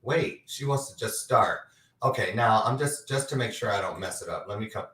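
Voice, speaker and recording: A man's voice: fairly low pitch, normal speed, a bit bright, far from the mic, a little hiss or hum. A man hosting a talk show in casual chat, chatty and a little scattered as he hunts for a clip. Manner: chatty, scattered, fumbles with his screen. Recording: echoey room, away from the mic.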